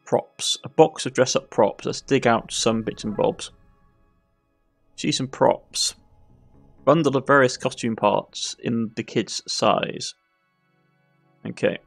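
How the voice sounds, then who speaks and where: A man's voice: mid-range voice, slow, creaky, long pauses, soft background music. A man with a Cornish accent playing a game and reading its text aloud with wry, dry asides. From Cornwall. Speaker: gaming YouTuber.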